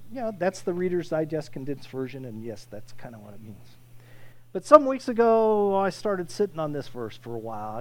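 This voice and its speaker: A male pastor delivers a sermon in a high-pitched voice. He talks conversationally to his congregation, restarting phrases often, then swells loud to drive a point home.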